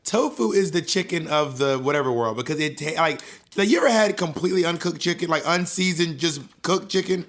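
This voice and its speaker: Man, podcast co-host, casual chat, playful animated storyteller, swears, a bit high-pitched. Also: brisk, few pauses.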